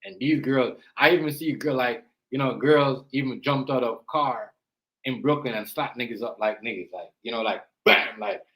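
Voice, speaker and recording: A man's voice: medium pitch, moderate pace, a bit bright, echoey room, low-quality recording. A man hosting a casual reaction stream, rambling with many fillers and repeated words. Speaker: stream host.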